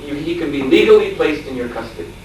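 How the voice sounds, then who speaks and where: A man telling a story in a lecture, animated and laughing, acting out the shouts of the people in it. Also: a little high, quick pace. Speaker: spiritual teacher. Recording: echoey room from far off, faint background noise.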